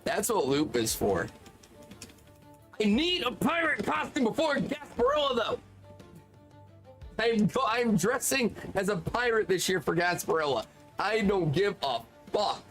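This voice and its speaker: High, lively-voiced male streamer. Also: measured pace, soft background music. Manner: profane, laughs often, talks to chat. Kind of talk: casual live-stream chat.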